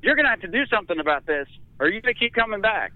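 A stern, no-nonsense female nurse, as a man puts her on, barking question after question like a drill sergeant. The voice is pushed high above his own. It comes through a thin, tinny phone-line sound. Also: very animated, very fast, dry recording, natural voice. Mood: scolding.

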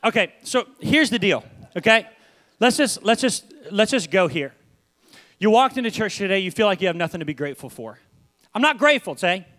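A young man preaching a lively, conversational sermon to a church, often repeating his phrases. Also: high voice, a little fast.

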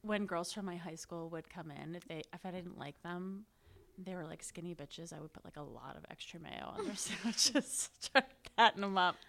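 A woman guest on a podcast chatting casually, with wry, deadpan asides and easy laughter. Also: on the low side, normal speed, gravelly. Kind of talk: casual chat.

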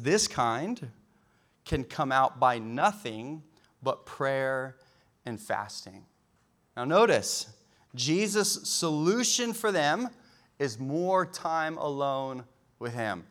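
A man delivering a sermon. He reads scripture and then talks it through in a loose, conversational way. His pitch rises and falls a lot as he gets animated. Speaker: pastor.

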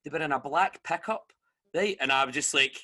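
Bright, animated Scottish man telling a story. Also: on the high side, fairly quick. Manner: animated storytelling, acts out quoted voices. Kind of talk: casual chat.

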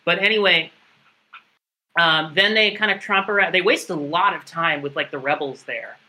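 Man, casual podcast recapper, bright forward tone, rambling and wry. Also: fairly high pitch, moderate pace, low-quality recording. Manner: rambling, sarcastic, profane recap with many fillers. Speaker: podcast co-host recapping a game story. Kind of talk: casual chat.

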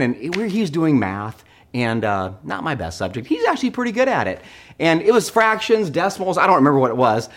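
A middle-aged male pastor giving a livestreamed sermon as an animated, joking storyteller. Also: mid-range voice.

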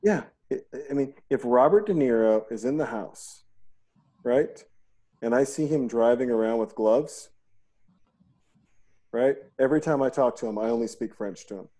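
A man's voice: medium pitch, moderate pace, long pauses, mellow. A middle-aged man hosting a podcast in casual chat, rambling and joking, acting out quotes and swearing freely. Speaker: podcast host.

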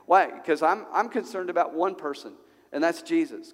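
Animated male pastor in a ringing hall. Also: fairly high pitch, moderate pace. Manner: conversational, animated preaching with rhetorical questions. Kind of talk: sermon. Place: church service. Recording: long hall reverb.

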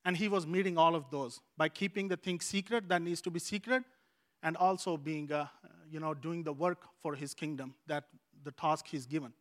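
A man's voice: fairly high pitch, normal speed. A man preaching a sermon as a pastor. He tells a personal story earnestly and repeats phrases for emphasis. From Pakistan.

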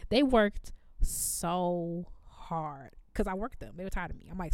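A woman, co-hosting a casual chat and telling animated stories as a former music teacher. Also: on the low side, a little slow, dry recording, clean studio sound. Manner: animated storytelling, quoting herself.

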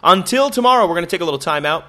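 Young man, podcast host, casual profane rant, fairly high voice, animated joking delivery. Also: very fast. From United States.

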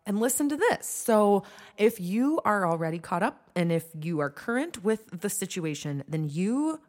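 Her voice is mid-range and a little mellow, swinging widely in pitch at a normal pace. This young woman from the United States runs a solo podcast, chatting casually, poking fun at herself, and often restarting or using fillers.

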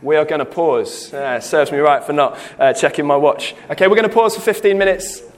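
A man's voice: a little high, brisk. A man leading a Bible study in a church hall, explaining a passage with frequent "okay"s and restarts. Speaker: Bible teacher.

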